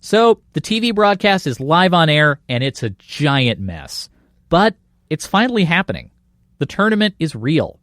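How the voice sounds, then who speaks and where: A man narrating a documentary podcast in a lively storytelling cadence. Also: on the high side, a little slow, no room sound, clean studio sound. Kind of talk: scripted narration.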